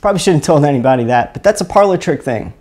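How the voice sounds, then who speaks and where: A man from Mississippi, hosting a casual live stream and teaching in a rambling, chuckling way with halting restarts. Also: fairly high pitch, expressive, a little mellow. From Mississippi, USA. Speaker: host of an energy healing live stream.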